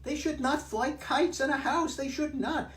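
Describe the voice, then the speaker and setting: A man's voice: very high-pitched, takes it slowly, fairly bright tone, pitched above the performer's own voice, exaggerated voice. A man voicing a fretful, scolding little pet fish that pleads in alarm, read aloud in a roomy space from a distance.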